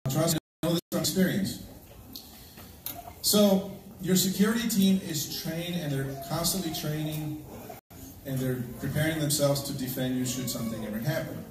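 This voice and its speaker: A man with a fairly high voice addresses a congregation as a church elder, chatty and often checking in with his listeners. He is picked up from well across a large, heavily reverberant church hall. There is a clear hiss and murmur under the live stream. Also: moderate pace. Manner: conversational, checks in often with the audience. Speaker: church elder leading a security drill. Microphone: distant livestream device. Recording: very echoey, distant, noisy live stream.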